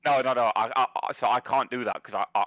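A young man rants and swears in a casual podcast chat, and every few words he tosses in "mate" or "bruv." His voice sits at an average pitch. The recording is dry and a little dull, with no room sound. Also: quick pace, no room sound. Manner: animated ranting, heavy swearing, repeats "mate" and "bruv". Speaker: podcast co-host.

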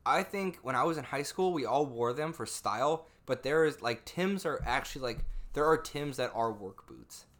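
A man's voice: medium pitch, animated, normal speed, few pauses, fairly bright tone. A young man co-hosting a casual podcast, teasing his friend, laughing often and swearing freely. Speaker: podcast co-host. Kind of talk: casual chat.

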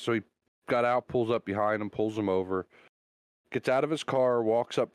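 A man's voice: medium pitch, no echo. A man co-hosting a casual podcast, telling long jokes with loose, rambling delivery. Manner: drawn-out joke telling with character voices. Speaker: podcast co-host.

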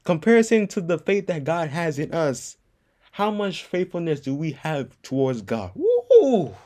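A man delivers a podcast sermon in a somewhat high voice. He builds passion as he goes and repeats his key lines for emphasis. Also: lively intonation, moderate pace, a little mellow. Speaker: preacher.

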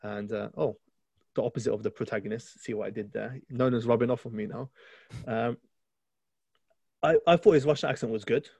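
A man's voice: medium pitch, brisk, creaky, long pauses, a little mellow, slightly rough, no echo. A man co-hosting a podcast, chatting casually and enthusiastically about a film, rambling with restarts. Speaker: podcast co-host.

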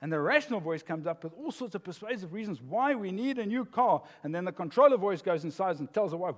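An older man preaching a sermon as pastor, an animated storyteller who laughs at his own jokes. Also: high-pitched, fast, few pauses. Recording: long hall reverb.

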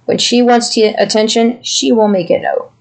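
A man's voice: extremely high pitch, steady tone, normal speed. A man co-hosting a podcast, chatting casually and rambling affectionately. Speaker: podcast co-host. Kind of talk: casual chat.

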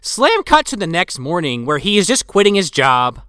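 A man co-hosting a casual film discussion, retelling scenes with lots of swearing and quick acted-out quotes. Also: high-pitched, huge pitch swings, sharp tone, clear, resonant tone, no room sound, studio quality.

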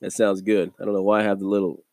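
A man hosting a daily devotional video, teaching from the Bible in a relaxed, conversational way and chuckling between thoughts. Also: lowish voice, quick pace, no echo, studio quality.

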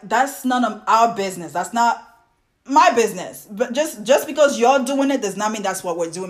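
Exasperated Ivorian French-accented woman. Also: mid-range voice. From Côte d'Ivoire. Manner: exasperated, ranting with frequent fillers and restarts. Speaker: podcast host. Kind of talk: casual monologue to listeners.

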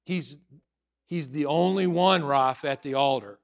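A man's voice: fairly high pitch, measured pace, gravelly. A middle-aged man preaching a sermon as pastor, telling personal stories earnestly with frequent restarts and building to emphatic exhortation.

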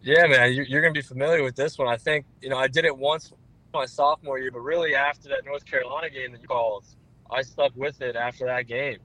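A young man in his twenties from New Jersey, answering interview questions in a relaxed way with plenty of fillers. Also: medium pitch, quick pace, low-quality recording. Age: 20s. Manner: relaxed, repeats filler words. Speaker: guest quarterback.

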